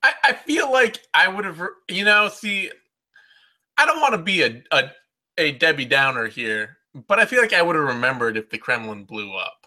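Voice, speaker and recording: A man's voice: fairly high pitch, very animated, normal speed, sharp tone. A man co-hosting a podcast in casual chat, joking and often stammering over his words. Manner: jokey, stammers and restarts. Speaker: podcast co-host.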